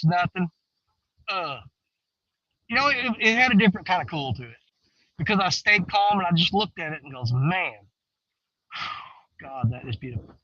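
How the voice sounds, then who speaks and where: Outdoor vlogger: man, high, lively voice, bright and slightly lo-fi, folksy and rambling. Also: no echo. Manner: folksy, animated, swings between excited and hushed. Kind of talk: casual rambling talk to viewers. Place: outdoors on a riverbank.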